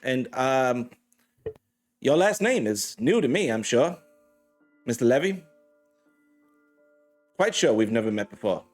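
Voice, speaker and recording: A man's voice: medium pitch, very animated, unhurried, long pauses, soft background music. A man playing a character in a tabletop role-playing game, speaking formally and evasively. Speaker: player.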